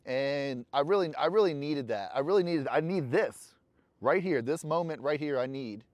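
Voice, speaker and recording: Expressive and a little mellow, his fairly high voice keeps a normal speed in a dry recording. The man is a vlogger smoking a cigar, giving a casual motivational ramble to camera that's candid, blunt, and laced with profanity.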